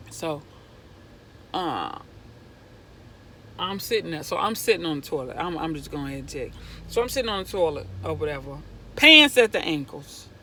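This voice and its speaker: A young woman vlogger telling a personal story in an animated way, going from hushed to loud when excited. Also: deep voice, slight background noise, poor audio. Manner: excitable, swings from hushed to near-shouting.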